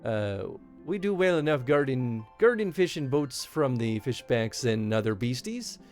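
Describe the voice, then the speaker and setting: A man's voice: medium pitch, sing-song, a little slow, darkish tone, faint music behind. A man voicing a sly, proud seafaring pirate woman in a put-on Irish accent while reading game dialogue aloud. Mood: wry. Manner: broad put-on brogue, folksy sailor's talk.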